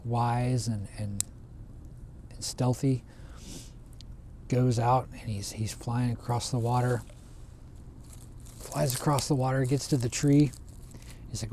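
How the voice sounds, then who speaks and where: A man retelling a traditional folk tale in a relaxed, conversational way, often restarting his phrases. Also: medium pitch, takes it slowly, pauses often, slight background noise. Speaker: storyteller. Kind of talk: casual oral storytelling.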